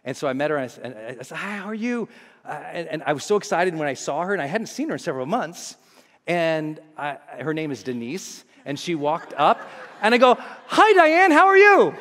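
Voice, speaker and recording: A man who works as a motivational speaker tells a personal story to a live audience, acting out scenes with big jumps in his voice. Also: fairly quick. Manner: animated, acts out scenes with big pitch jumps. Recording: echoey hall.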